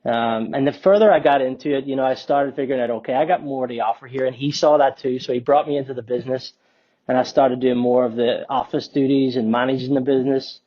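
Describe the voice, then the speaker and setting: A man in his forties from Northern Ireland with a Northern Irish accent, a company co-founder telling his story as a podcast guest in a relaxed, rambling way. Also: medium pitch, fast talker, muffled recording. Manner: relaxed, rambling, many ums and restarts. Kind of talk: casual storytelling interview.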